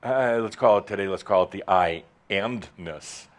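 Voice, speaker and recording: A man's voice: moderate pace, background noise. Playful, provocative man addressing a live audience. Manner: playful and provocative, with big sudden swings in pitch and loudness. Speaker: spiritual teacher speaking to a live audience. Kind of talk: live spiritual talk to an audience. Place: warm hall with doors, in front of an audience.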